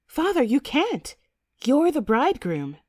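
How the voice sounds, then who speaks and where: A woman reads an eager young noblewoman bride in a storybook, breathy and girlish, her voice lifted high. The recording is close and dry. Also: sing-song, measured pace, a little mellow, no room sound. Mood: shocked. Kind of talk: audiobook character reading.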